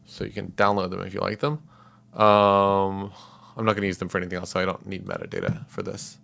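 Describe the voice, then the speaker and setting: A man's voice: lowish voice, gravelly, fairly bright tone. A man livestreaming as a composer, talking casually and rambling with many fillers and chuckles.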